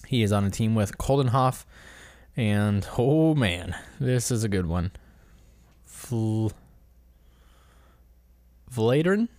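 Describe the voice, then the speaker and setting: A man's voice: on the low side, lively intonation, slow pace, pauses often, darkish tone, dry recording. A man hosting a casual solo commentary episode, rambling and correcting himself as he stumbles over names. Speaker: podcast host.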